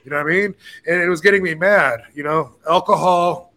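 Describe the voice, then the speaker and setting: This podcast host, a man in his fifties, speaks a little fast in a voice on the high side. He rambles through a story conversationally, animatedly performing the quoted dialogue of its characters, cursing included.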